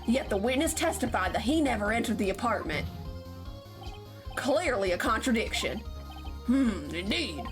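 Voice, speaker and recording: A woman streaming a game live, reading the dialogue aloud in a playful, giggly way with quick asides, over game music. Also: a little high, lively intonation.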